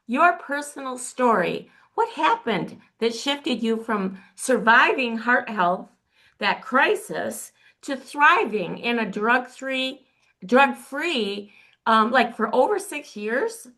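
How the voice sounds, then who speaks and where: A woman hosting a podcast, asking her guest a question in a halting way while searching for words. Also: a little high, lively intonation, bright, forceful tone. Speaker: podcast host. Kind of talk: interview questions.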